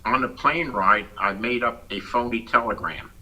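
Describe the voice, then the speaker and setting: A man telling stories as an interview guest, animated and chuckling through his punchlines. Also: mid-range voice, moderate pace, distant mic, rough recording. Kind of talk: casual anecdote telling.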